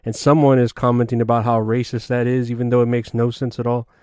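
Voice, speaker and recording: A man's voice: medium pitch, flat delivery, fast talker, a little mellow, smooth, no echo, clean studio sound. A man hosting a solo comedy podcast, rambling through crude, offhand jokes. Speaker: podcast host.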